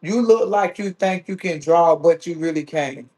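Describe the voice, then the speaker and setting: A man's voice: on the high side, moderate pace, darkish tone. A man hosting a live stream who chats casually and teases his viewers, reading their comments aloud. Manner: playful, teasing, reads viewer comments aloud. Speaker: livestream host.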